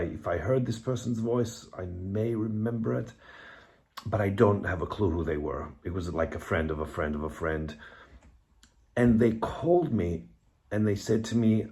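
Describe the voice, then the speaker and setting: Man, deep-ish voice, unhurried, halting, reflective, personal monologue at home. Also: warm tone. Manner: halting, reflective, with restarts and pauses. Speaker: bereaved father sharing his story. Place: hallway of his home, indoors.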